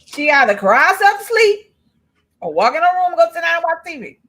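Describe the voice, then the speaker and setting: A woman's voice: very high voice, very animated, fairly quick, fairly bright tone. A woman co-hosting a casual chat, telling stories in a blunt, profane, laughing way. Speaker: co-host.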